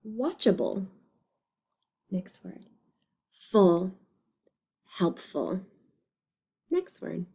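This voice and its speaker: A woman's voice: mid-range voice, vocal fry, darkish tone. A woman teacher giving a reading lesson to young children, patient and encouraging as she models words and praises the learner. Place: recorded lesson video.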